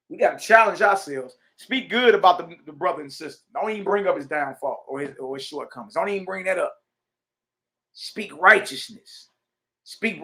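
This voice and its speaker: A man's voice: on the high side, fairly quick, fairly bright tone. A man, teaching a religious lesson in a conversational, emphatic preaching style, reading passages aloud and commenting on them. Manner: emphatic, conversational preaching with call-outs to listeners.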